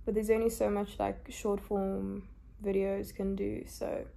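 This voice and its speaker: Tired young woman, slow and gravelly. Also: medium pitch, flat delivery. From South Africa. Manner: soft-spoken, emotional and open. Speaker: vlogger. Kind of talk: confessional vlog. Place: lying in bed.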